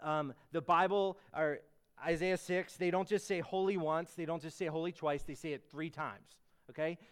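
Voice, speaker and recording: Male preacher, clear ringing tenor-ish voice, earnest conversational sermon with emphatic peaks. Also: on the high side, steady tone, moderate pace. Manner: earnest teaching, rising to emphatic bursts on key words; frequent fillers and restarts, conversational asides.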